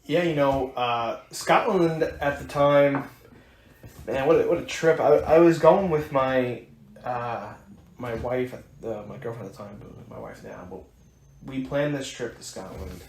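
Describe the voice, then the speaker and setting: A man's voice: medium pitch, a little slow. Rambling American man in an echoey room. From United States. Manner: rambling storyteller with many restarts and fillers. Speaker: podcast co-host. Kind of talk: casual chat. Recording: echoey room, faint hiss.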